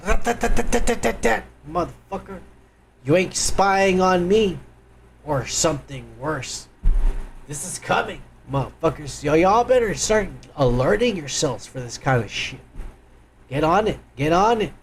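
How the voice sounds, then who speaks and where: A man's voice: fairly high pitch, animated, a little slow, a little hiss or hum. A man hosting a livestream, reacting to clips in crude, mocking, profane commentary aimed straight at his viewers. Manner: crude, loud, mocking, addresses viewers directly. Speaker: livestream host.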